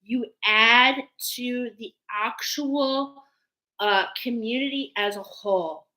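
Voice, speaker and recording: Openly emotional, a woman offers viewers an intuitive card reading in the tarot style, full of soothing affirmations. Her voice is on the high side, bright, and forceful, and she speaks slowly over poor audio.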